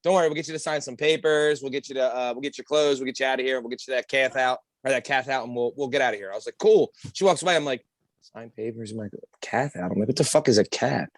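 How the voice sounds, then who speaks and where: A young man hosting a podcast, telling crude stories in an animated way with loud outbursts. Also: mid-range voice, quick pace, no echo. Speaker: podcast host. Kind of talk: casual chat.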